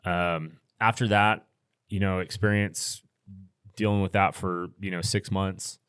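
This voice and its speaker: A middle-aged American man, a podcast guest, telling a long anecdote in a relaxed, rambling way. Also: sits low, unhurried, clean tone, dry recording, clean studio sound. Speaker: podcast guest, firearms instructor. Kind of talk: casual storytelling in interview.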